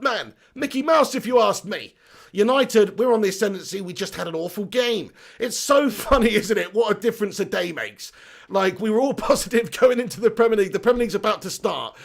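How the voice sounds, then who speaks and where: High, gravelly man ranting casually. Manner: blunt, sweary, jokey banter reading out viewer comments. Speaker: fan channel livestream host. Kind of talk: casual livestream chat.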